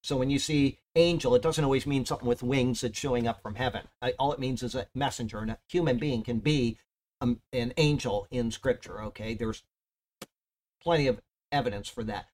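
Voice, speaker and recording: A man's voice: medium pitch, brisk, a little mellow, a little hiss or hum. A man teaching a Bible study verse by verse in an emphatic, conversational way, often checking in with "okay?".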